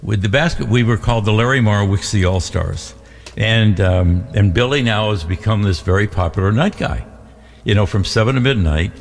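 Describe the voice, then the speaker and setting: An older man, a veteran radio DJ, tells stories in a halting, animated way during a casual studio chat. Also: lowish voice, creaky, big-room sound.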